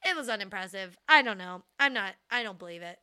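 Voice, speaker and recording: A woman co-hosting a podcast in casual chat, animated and sarcastic, with many fillers. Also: medium pitch, fast talker, smooth, dry recording, clean studio sound. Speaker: podcast co-host.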